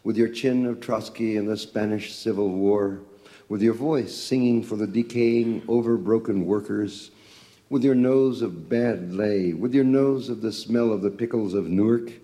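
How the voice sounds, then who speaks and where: A man giving a poetry reading, intoning a long litany in a measured, solemn way. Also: lowish voice, mellow. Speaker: poet.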